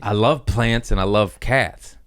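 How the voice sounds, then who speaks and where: A man's voice: fairly low pitch, measured pace, fairly bright tone, no room sound, studio quality. A young man hosting a comedy podcast, telling loose stories in casual chat, swearing and doing playful voices.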